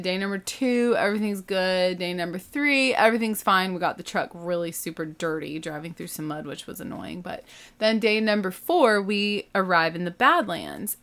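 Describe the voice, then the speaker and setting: A middle-aged woman casually telling a family road-trip story, acting out everyone's lines with lively, rising panic. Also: mid-range voice. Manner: animated, acts out family dialogue with rising panic.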